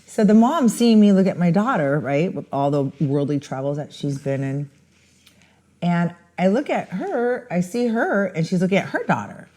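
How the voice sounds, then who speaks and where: Lively woman telling a story. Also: lowish voice, moderate pace. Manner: animated, mimics voices in her anecdote. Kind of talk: casual storytelling.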